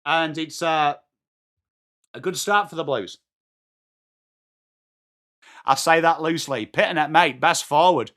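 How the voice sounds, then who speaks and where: A man with an English accent doing live, excitable football commentary for a watchalong, joking and swearing and shouting at big moments. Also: fairly high pitch, a little slow, long pauses.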